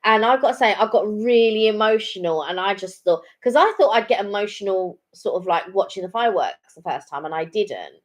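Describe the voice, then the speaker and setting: A woman's voice: mid-range voice, expressive, fairly quick, hardly any pauses. A middle-aged woman, co-hosting a live chat and telling stories in a rambling way, full of ums and restarts. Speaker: co-host of a live chat stream. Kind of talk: casual chat.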